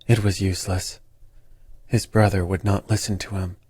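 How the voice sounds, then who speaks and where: A man narrating a bedtime story in a slow, soothing storytelling manner. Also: deep voice, flat delivery, a little mellow, breathy edge, no room sound.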